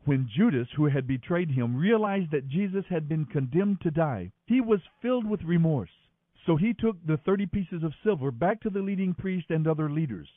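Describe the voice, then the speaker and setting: A man doing a daily Bible reading in an expressive, dramatic manner. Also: fairly high pitch, moderate pace, no echo. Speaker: scripture reader. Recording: thin phone-like sound, dry.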